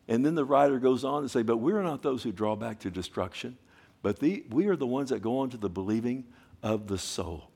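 Middle-aged male pastor, impassioned sermon delivery, mid-pitched, hushed-to-loud swings. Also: expressive, normal speed, creaky.

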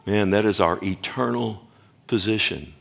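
A man's voice: lowish voice, measured pace, gravelly. An older man preaching a sermon in a folksy, emphatic way, often asking the congregation questions. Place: church or stage before a congregation.

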